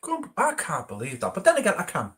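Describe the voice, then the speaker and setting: A man's voice: sits high, huge pitch swings, fast talker, a bit bright. A man in a casual football chat, emphatic and exasperated, hammering points through repetition. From northern England.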